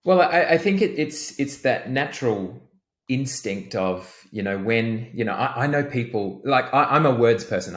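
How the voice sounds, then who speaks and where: A man speaking as a coach on a podcast, thoughtful and halting, often repeating words while searching for them. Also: lowish voice, echoey room. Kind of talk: casual podcast chat.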